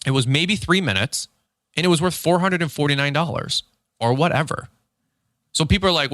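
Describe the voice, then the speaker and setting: A middle-aged man hosts a podcast with a blunt, fired-up delivery. He leans hard on repeated phrases and acts out the voices of people he quotes. His voice is bright and forceful, recorded dry and close to the mic. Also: fairly high pitch, a little fast, long pauses, dry recording. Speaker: podcast host, lawn care business owner. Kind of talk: energetic motivational podcast talk.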